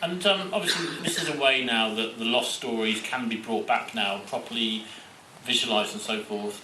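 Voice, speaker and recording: A man's voice: mid-range voice, normal speed. A man interviewing guests at a live Q&A, asking questions with many restarts. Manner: hesitant questions with repeated restarts. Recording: distant mic in echoey hall, loud noise.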